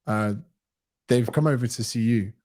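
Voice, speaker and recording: A man's voice: medium pitch, normal speed, a little mellow. A male podcast host asking direct questions in a conversational way. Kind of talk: interviewing.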